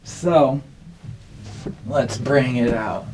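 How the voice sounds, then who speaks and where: Slow, rambling deadpan comedy man. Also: medium pitch, a little hiss or hum. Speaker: comedian host. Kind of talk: absurd comedy monologue.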